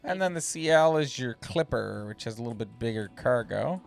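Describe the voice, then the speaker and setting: A man streaming a space game, chatting casually and reading ship blurbs aloud, sometimes stumbling over the words. His voice sits at an ordinary middle pitch. Faint music plays underneath. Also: vocal fry. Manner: relaxed, chatty, reads descriptions haltingly.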